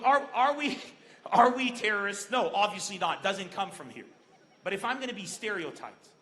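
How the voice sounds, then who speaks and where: Stand-up comic, male, from Lebanon: high, bright, animated delivery on an outdoor stage. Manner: animated, acts out quoted voices. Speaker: stand-up comedian. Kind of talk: stand-up comedy set. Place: large outdoor festival stage. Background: crowd laughter.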